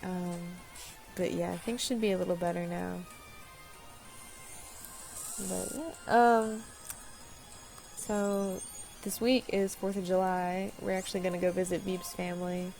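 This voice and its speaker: Gravelly-voiced woman rambling over gameplay. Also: on the low side, steady tone, unhurried, a little mellow, faint music behind, poor audio. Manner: rambling, apologetic, laughs often. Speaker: let's-play host. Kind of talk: casual gameplay commentary.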